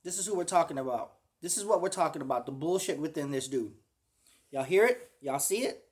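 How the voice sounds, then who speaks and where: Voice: medium pitch, lively intonation, brisk, darkish tone, slightly rough. A commentator reacting to a clip, indignantly calling the speaker out, swearing and asking the viewers "y'all hear it?".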